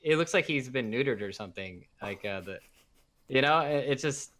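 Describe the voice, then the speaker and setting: An American man and former pro player speaking as a podcast guest, laid-back and halting, swearing casually. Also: mid-range voice, animated, fairly bright tone. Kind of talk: casual esports chat.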